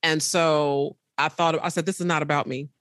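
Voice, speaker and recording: A woman's voice: moderate pace, dry recording, clean studio sound. A woman in her thirties, a podcaster and speaker, telling personal stories in a casual interview, acting out quotes and calling the listener baby. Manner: animated storyteller acting out quotes with big pitch jumps; faith-filled, calls listener baby.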